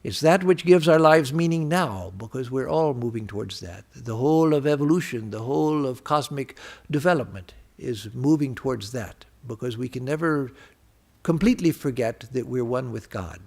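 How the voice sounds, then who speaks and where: An older man giving a spiritual talk in a temple, speaking slowly and measuredly, with frequent hesitant fillers. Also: mid-range voice, lively intonation, vocal fry. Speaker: visiting swami giving a talk. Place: temple hall.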